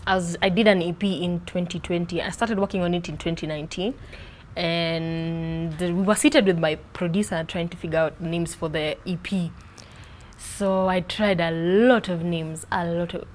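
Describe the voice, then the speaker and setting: A young woman talks in a lively, expressive, casual interview manner. Her voice sits a little lower than most women's. A faint hum of noise runs behind her. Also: normal speed. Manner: animated, expressive, playful with accents. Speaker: podcast host being interviewed.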